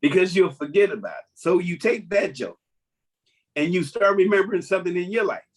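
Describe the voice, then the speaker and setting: A man, a comedian, chatting casually on a podcast and telling jokes as an animated storyteller who laughs at his own lines. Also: high-pitched, brisk. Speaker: comedian guest.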